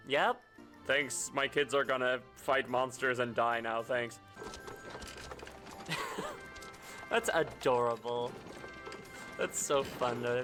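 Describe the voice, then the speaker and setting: A man streaming a video game, chatting jokily and profanely over the story. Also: medium pitch. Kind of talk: casual gameplay commentary.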